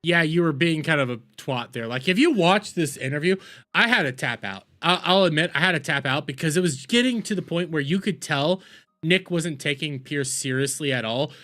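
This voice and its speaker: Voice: medium pitch, expressive, normal speed, a bit bright. Profane, rambling reaction streamer. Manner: profane, rambling, scrolls while talking. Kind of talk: casual reaction commentary.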